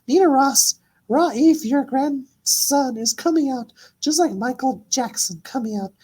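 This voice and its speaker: A man's voice: extremely high pitch, measured pace, a little mellow, husky, voice pushed up, full character voice. A man voicing a sassy female rapper, scolding in singsong rhymed insults, a cappella. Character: sassy mocking female rapper Invisible Queen. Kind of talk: a cappella diss rap.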